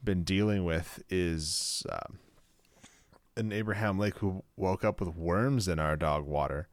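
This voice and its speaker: A man's voice: sits low, unhurried, dry recording. A man co-hosting a casual chat, rambling with lots of "like" and restarts.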